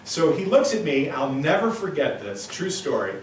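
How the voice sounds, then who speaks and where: A man in his sixties delivers a live motivational lecture and works the audience with stories and direct questions. His delivery is animated and punchy, in a voice pitched a little on the high side. The sound is very reverberant and picked up from well back, with a faint hiss underneath. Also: normal speed. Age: 60s. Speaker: motivational speaker. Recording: very echoey room, voice from a distant mic.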